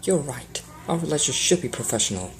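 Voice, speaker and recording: Woman doing a stern bossy pony princess, curt, low voice. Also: sing-song, fast talker, heavily acted. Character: cold commanding princess mare.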